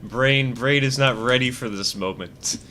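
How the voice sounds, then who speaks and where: A man with a deep voice chatting casually on a live game stream, rambling, self-mocking and laughing often. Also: unhurried, background noise. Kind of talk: casual live-stream chat while playing.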